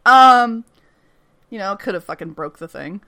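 Speaking a little slowly in a mid-range voice, a woman co-hosting a podcast goes over a TV episode, and there's no room sound. Her recap is animated and full of profanity, with the characters' lines performed aloud.

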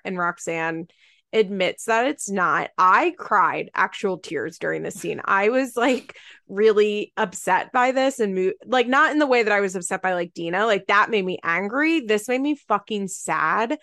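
A woman's voice: mid-range voice, expressive, normal speed, vocal fry, a bit bright, no echo, studio quality. A woman co-hosting a casual chat, animatedly recapping a show with profanity and acted-out quotes. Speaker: podcast co-host.

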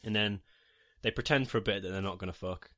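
A man's voice: on the low side, fast, sharp tone. A man, wry and sarcastic, recapping a film in casual podcast chat and swearing casually.

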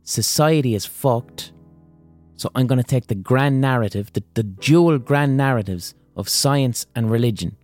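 A man's voice: mid-range voice, a little slow, darkish tone, no room sound, faint music behind, lightly acted. A man doing a zealous puritanical cereal maker. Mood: indignant.

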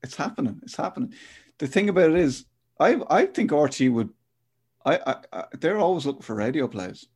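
Podcast host, husky voice, bouncy pitch, excited and teasing his mate. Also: fairly quick. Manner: enthusiastic, teasing, jokey. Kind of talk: casual chat.

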